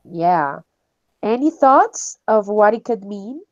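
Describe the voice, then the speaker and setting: A woman's voice: medium pitch, lively intonation, slow pace, dry recording. Woman english teacher, upbeat, laughs a lot, dull dry lo-fi sound. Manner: encouraging, laughs often. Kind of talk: online English class.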